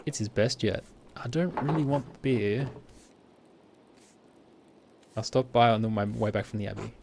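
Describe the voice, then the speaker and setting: A man's voice: fairly low pitch, a little slow, creaky, darkish tone, a little hiss or hum. A man reading a caring middle-aged father from a video game, fond and fussing, close to his own voice.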